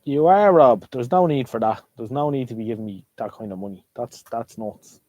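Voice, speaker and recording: A man's voice: medium pitch, a little fast, no echo, highs cut off. A middle-aged Irish man hosting a live stream and chatting casually, rambling and repeating himself as he goes. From Ireland.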